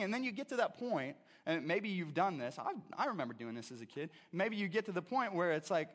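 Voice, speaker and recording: A male pastor delivers a sermon in a high, light voice. His preaching is conversational and full of restarts, with frequent calls for an amen from the congregation. The sound carries a long reverb from the church hall. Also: sing-song, fairly quick, few pauses, fairly bright tone. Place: church sanctuary.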